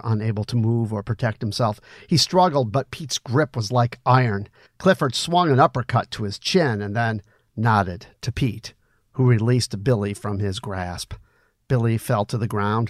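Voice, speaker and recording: A man reading a story aloud in steady, dramatic audiobook narration. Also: fairly low pitch, moderate pace, no room sound, clean studio sound.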